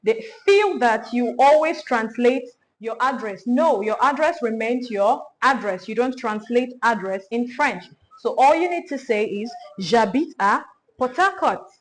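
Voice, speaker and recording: A woman teaching a beginner French lesson, speaking slowly and repeating each phrase for learners. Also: fairly high pitch, animated, a little hiss or hum, poor audio.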